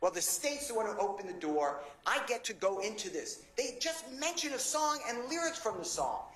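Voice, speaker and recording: A man's voice: high voice, big pitch swings, moderate pace, fairly bright tone. A male defense attorney arguing insistently and passionately before a judge in a courtroom. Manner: impassioned, insistent, pleading. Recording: echoey courtroom with faint ambience.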